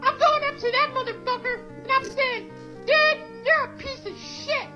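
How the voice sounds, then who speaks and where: Squeaky, childlike furry puppet monster on a foul-mouthed rant, dull lo-fi clip with music. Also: male voice, steady tone, moderate pace, sharp tone, exaggerated voice.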